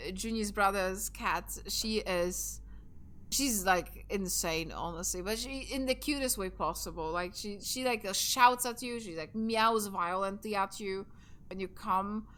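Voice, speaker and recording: A woman's voice: mid-range voice, unhurried, a bit bright. A young woman streaming a game, chatting casually in a rambling way and swearing offhandedly. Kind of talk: casual live-stream chat while gaming.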